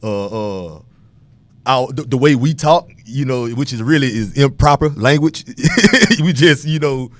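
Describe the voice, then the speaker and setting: A man's voice: mid-range voice, lively intonation, measured pace, fairly bright tone, no room sound. Laid-back man in casual podcast chat. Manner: laid-back, slangy, with frequent fillers.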